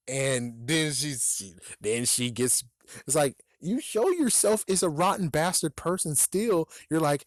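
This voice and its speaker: A man reviewing a book, ranting in an exasperated way, swearing often and laughing a lot, his voice shooting up high when he is outraged. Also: lively intonation, unhurried, no room sound, clean studio sound.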